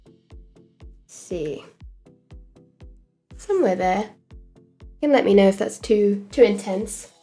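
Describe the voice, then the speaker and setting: A woman with an English accent mixing Essex and Midlands, chatting casually on a livestream while she works on animation, relaxed and hesitant with lots of ums. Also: medium pitch, slow pace, long pauses, faint music behind. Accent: English, a mix of Essex and Midlands. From England. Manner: relaxed and hesitant, with frequent ums and trailing phrases. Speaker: animator streaming her work.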